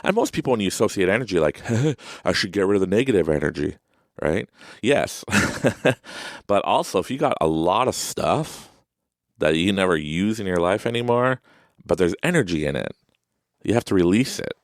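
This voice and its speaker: A man's voice: fairly low pitch, sing-song, normal speed, dry recording, clean studio sound. A man hosting a podcast in a casual monologue from an office, rambling and chatty and laughing often between remarks. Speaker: podcast host.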